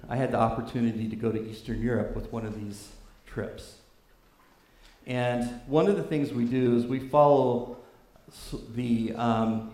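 A man's voice: mid-range voice, a little mellow, reverberant. A man from California preaching a sermon and telling a story in a loose, conversational way, with frequent fillers.

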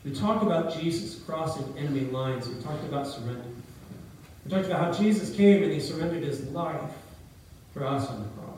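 A man's voice: fairly high pitch, brisk, darkish tone, slight background noise. Pastor man preaching in an echoey hall. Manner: storytelling, asks the congregation questions. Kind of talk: sermon. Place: church hall. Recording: very echoey hall, heard from a distance.

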